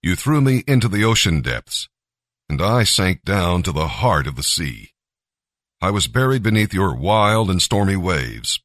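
A man's voice: sits low, big pitch swings, a little slow, a bit bright, no echo, clean studio sound, exaggerated voice. A man voicing a penitent runaway prophet in a scripted scripture reading. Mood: solemn.

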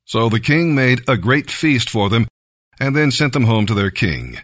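A man reading scripture aloud in a slow, deliberate, measured way. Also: medium pitch, lively intonation, a bit bright, no echo, clean studio sound. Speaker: Bible reader.

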